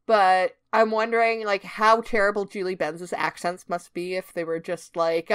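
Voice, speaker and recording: A woman's voice: medium pitch, moderate pace, hardly any pauses, clean tone. A woman with a mid-range voice co-hosts a podcast and steers the episode recap. Her talk is casual and loose, and she laughs often. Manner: leads the recap, laughs often, relaxed fillers. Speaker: podcast co-host. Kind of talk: casual chat.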